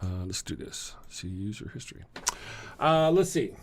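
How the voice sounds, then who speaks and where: A man with a Texan accent hosting a casual livestream, greeting viewers and reading their comments in a rambling, halting way, often chuckling. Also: on the low side, very animated, a little hiss or hum. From Texas. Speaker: livestream host.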